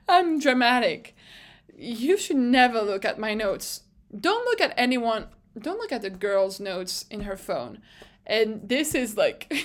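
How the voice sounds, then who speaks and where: A young woman hosting a casual podcast recap, chatty and excitable, swearing freely and often restarting her phrases. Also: medium pitch. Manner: self-interrupting, restarts phrases. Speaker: podcast host.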